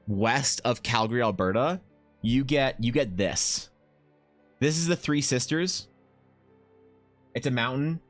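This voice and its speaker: A man in his thirties from Canada, rambling and swearing casually while chatting live with his stream viewers. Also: mid-range voice. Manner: rambling, profane, animated asides.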